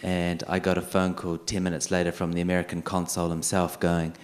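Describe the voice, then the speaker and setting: A filmmaker on a festival panel, telling a long story and acting out the other people in it. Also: male voice, deep voice, fairly quick, few pauses. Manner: animated, acts out the other people in his story.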